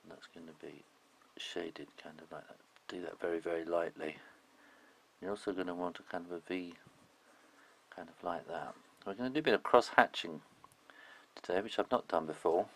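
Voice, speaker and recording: Male illustrator talking through a drawing lesson, relaxed and rambling, with gravelly fry. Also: deep voice, moderate pace, slight background noise, low-quality recording. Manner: casual and chatty, with frequent "um"s and loose phrasing. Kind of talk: spoken drawing tutorial.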